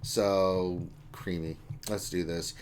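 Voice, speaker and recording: A man's voice: deep voice, steady tone, takes it slowly, clean tone. Casual male streamer reading out chat. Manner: loose and joking, mild swearing. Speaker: livestream co-host. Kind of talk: casual livestream chat, reading viewer comments.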